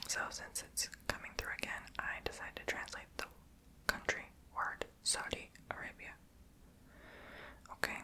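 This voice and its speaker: A man whispering in ASMR style, softly repeating foreign words over and over, with self-deprecating chatty asides. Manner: repeats each foreign word softly many times. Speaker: ASMR creator.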